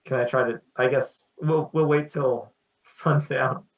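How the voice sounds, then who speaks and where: A man's voice: mid-range voice, steady tone, a little slow, reverberant, recorded from a distance. Easygoing male player on a dull mic. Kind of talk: casual tabletop play.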